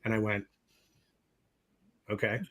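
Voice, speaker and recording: A middle-aged man, a film director, telling profane, lively stories in an interview and acting out both sides of conversations. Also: on the low side, slow pace. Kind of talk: animated storytelling in a casual interview.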